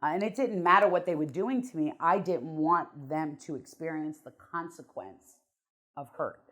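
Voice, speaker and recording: A woman's voice: sits low, moderate pace, a bit bright. A middle-aged woman, a guest on an interview show, telling her life story bluntly and emotionally, with some swearing.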